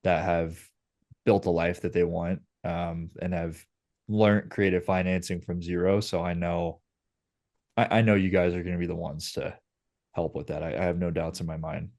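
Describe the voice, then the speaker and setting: A man playing a prospect in a sales practice call, earnest and halting, often repeating words. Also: deep voice, level tone, a little mellow, no echo, studio quality. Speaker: trainee acting as a prospect. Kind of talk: sales call role-play.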